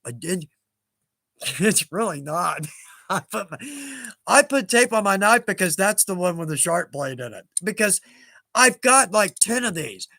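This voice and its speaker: A man in his fifties hosts a casual livestream, his voice sitting high for a man. He rambles through stories in a chatty, self-mocking way, chuckling often. The sound is close and dry. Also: animated, unhurried, gravelly, pauses often, sharp tone, no echo. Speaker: livestream host.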